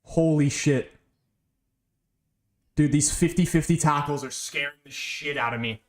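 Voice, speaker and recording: A man reacting live to a football match, excitable and pleading, swearing often, in a fan watch-along. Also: on the high side, unhurried. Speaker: fan streamer.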